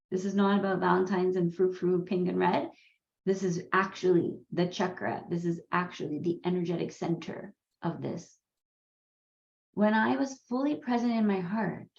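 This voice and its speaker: Woman, native Gujarati speaker, animated storyteller, echoey room, slightly muffled audio. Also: mid-range voice, gravelly. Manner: candid, animated storytelling with frequent laughs. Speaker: parenting course host. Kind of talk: conversational course talk. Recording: roomy, slightly dull sound.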